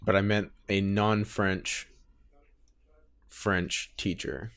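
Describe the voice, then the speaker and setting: A man's voice: fairly low pitch, little pitch movement, very slow, gravelly, a bit bright. A young man co-hosting a podcast in casual chat, teasing his co-host and cracking jokes. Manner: joking, teasing interjections.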